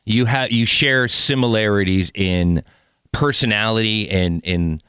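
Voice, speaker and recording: A man's voice: on the low side, measured pace, pushed and bright, clean tone, no room sound, studio quality. A man in his forties hosting a podcast, talking candidly and earnestly, swearing casually. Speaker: podcast host. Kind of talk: casual interview chat.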